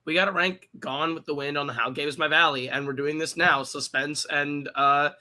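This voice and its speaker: A male podcast host with a piercing, very bright voice, pitched a bit high, tearing through a film recap. His delivery is casual, irreverent and full of profanity. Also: normal speed. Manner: profane, irreverent, animated storytelling. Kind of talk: casual comedic plot recap.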